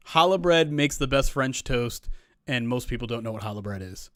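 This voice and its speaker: A man hosting a live stream in relaxed chat, rambling from one thing to the next and restarting sentences as he reads comments. His voice sits at an ordinary middle pitch. The sound is dry and close, as from a desk microphone at home. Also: moderate pace, no echo. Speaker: streamer host.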